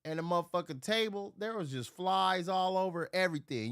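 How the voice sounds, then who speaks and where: A man on a casual livestream, drinking while he chats. He rants in profane, rambling bursts, swinging from loud outbursts to low mutters, speaking from home. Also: expressive, a little fast, few pauses, clean tone, dry recording, clean studio sound. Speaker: live streamer. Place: at home near a refrigerator.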